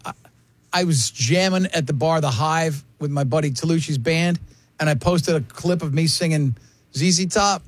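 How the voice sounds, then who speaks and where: Here is a middle-aged man hosting a talk show, his voice high for a man and husky. The sound is dry and close to the mic. He reads out listener comments between bursts of laughter. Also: moderate pace, no room sound. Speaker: radio show host. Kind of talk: casual studio banter.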